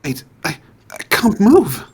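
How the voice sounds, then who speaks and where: A man's voice: high-pitched, huge pitch swings, slow, darkish tone, slightly rough, heavily acted. A man playing a groggy hungover sailor. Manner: dazed and jokey. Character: groggy hungover male sailor caught hiding.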